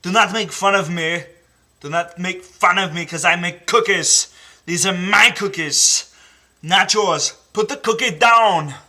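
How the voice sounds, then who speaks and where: A man doing an impression of a famous action-star governor, boasting and ranting in loud outbursts. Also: high-pitched, unhurried, pitched above the performer's own voice, exaggerated voice.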